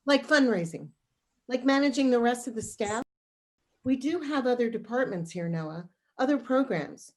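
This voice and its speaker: A woman reading the part of a firm, measured community center executive in a video-call play reading. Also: fairly high pitch, animated. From Northern Virginia.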